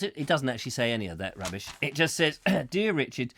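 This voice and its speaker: A man's voice: mid-range voice, very animated, fast talker, hardly any pauses, a bit bright. A middle-aged man hosting a comic live chat show, rambling playfully and breaking into silly voices and sung sound effects.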